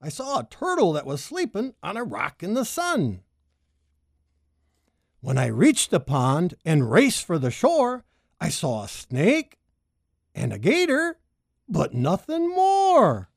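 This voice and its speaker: A woman reading a rhyming children's story aloud, expressive and sing-song. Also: takes it slowly, creaky, long pauses, dry recording, studio quality. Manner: expressive, sing-song, big pitch leaps. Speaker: storybook reader.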